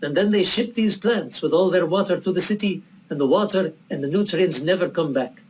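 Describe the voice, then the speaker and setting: A man's voice: sits high, fairly quick, slight background noise, natural voice, low-quality recording. A man voicing a proud elder Bedouin man with a put-on Arabic accent, earnestly reasoning with a guest. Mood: lecturing. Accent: put-on Arabic accent, old film style.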